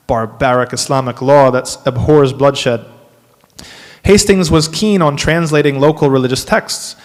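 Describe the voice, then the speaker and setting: A man, an imam, giving a workshop lecture to a live audience, animated and dropping wry asides. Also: mid-range voice, a little slow. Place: mosque hall. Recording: long hall reverb.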